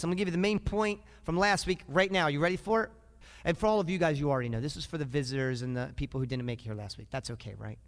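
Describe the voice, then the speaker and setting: A man preaching a sermon as a pastor, lively and often asking the congregation questions. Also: sits high, big-room sound.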